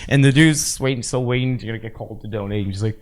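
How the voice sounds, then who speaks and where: A man's voice: medium pitch, fast. A man co-hosting a podcast, telling rambling, profane stories in casual chat. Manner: rambling, profane storytelling, animated. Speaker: podcast co-host.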